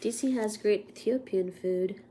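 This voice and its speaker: A woman's voice: medium pitch, unhurried, warm tone, a little hiss or hum. A woman hosting a casual livestream while congested with a cold, chatty and laughing at herself between coughs. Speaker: livestream host.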